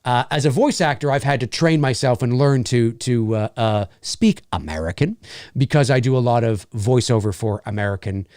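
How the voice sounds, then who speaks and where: A man's voice: medium pitch, moderate pace, darkish tone, dry recording, clean studio sound. A middle-aged Canadian man with a Canadian accent, hosting a casual livestream, reading chat comments and repeating himself enthusiastically.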